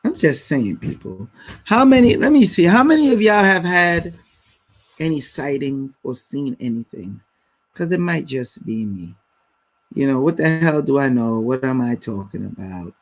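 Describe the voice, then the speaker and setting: A man's voice: mid-range voice, big pitch swings, moderate pace. A man hosting a live stream, talking bluntly and casually to his viewers in slang. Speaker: livestream host.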